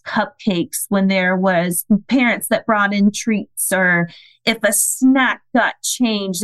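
A woman's voice: medium pitch, no room sound, poor audio. A woman in her thirties, a podcast guest, telling a personal story in a casual, earnest way and acting out the people she quotes. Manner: earnest, acts out quoted dialogue.

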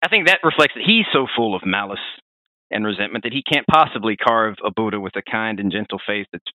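A man hosting a podcast, telling game lore in a rambling, animated way with frequent restarts. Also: lowish voice, fast, dry recording. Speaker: podcast host. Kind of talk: casual lore discussion. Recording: dry, phone-like narrow sound.

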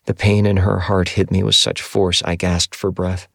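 A man reading a first-person novel aloud in a measured, somber audiobook narration. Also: low-pitched, flat delivery, vocal fry, no echo, studio quality.

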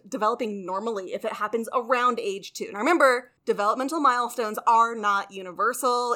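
Bright-voiced woman explaining casually. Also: fairly high pitch. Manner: conversational, swears casually, laughs often. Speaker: podcast co-host.

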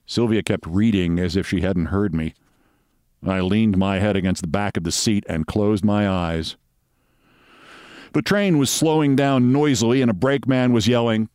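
A man reading a short story aloud as host, with measured, wry storytelling. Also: lowish voice, darkish tone, clear, resonant tone, dry recording, studio quality.

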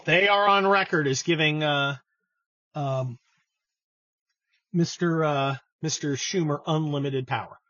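A man's voice: fairly high pitch, a little slow, pauses often, pushed and bright, no echo, dull audio. A man giving sarcastic, scornful political commentary on his show, often stumbling and restarting his sentences. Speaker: political podcast host.

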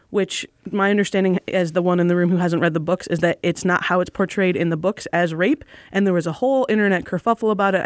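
A woman's voice: fairly low pitch, no room sound, studio quality. Articulate woman co-hosting a podcast. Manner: earnest, articulate, explanatory. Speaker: podcast co-host. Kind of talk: casual podcast chat.

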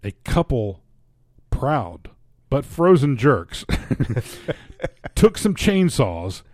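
A man's voice: medium pitch, sing-song, drawn-out words, darkish tone, no room sound, studio quality, full character voice. A man voicing a stereotypical polite Canadian man, with a put-on Canadian accent, tagging his sentences with "eh" while reading comic news. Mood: mock folksy. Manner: tags sentences with "eh".

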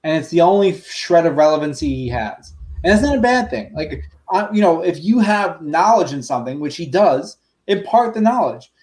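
A man's voice: fairly high pitch, expressive, moderate pace, a little mellow. A man on a podcast ranting bluntly, swearing often in casual chat.

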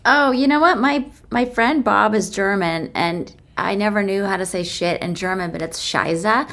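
A woman guesting on a podcast in casual chat, relaxed, thoughtful and chatty. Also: medium pitch, moderate pace.

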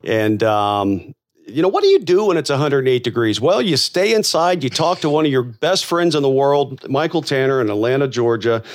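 A man's voice: mid-range voice, sing-song, normal speed. Man, middle-aged, from the US, podcast co-host, casual chat, rambling, fillers and restarts. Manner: chatty, laughs at own jokes, many fillers and restarts.

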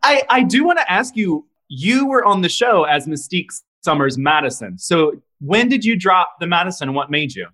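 Lively, fairly high-voiced interview host. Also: male voice, normal speed, hardly any pauses. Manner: chatty, laughing interviewer. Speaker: podcast host. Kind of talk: casual interview chat.

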